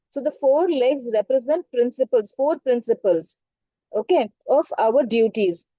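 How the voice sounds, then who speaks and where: A woman's voice: high-pitched, warm tone, no room sound, highs cut off. A woman teacher with an Indian English accent telling a story to an online class and often checking in with questions. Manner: interactive, asks the class questions. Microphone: online class audio.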